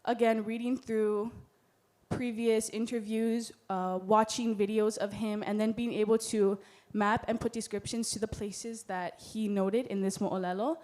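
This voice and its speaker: A woman's voice: medium pitch, level tone, a little slow, a little mellow. A young woman with a Hawaiian accent giving an earnest, heartfelt symposium presentation, with Hawaiian words in her speech. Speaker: student presenter. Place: lecture hall.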